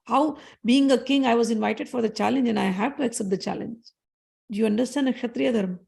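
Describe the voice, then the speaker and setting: A woman voicing a gentle, humble young prince. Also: fairly high pitch, quick pace, creaky. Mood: calm. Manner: calm, reasoning, respectful.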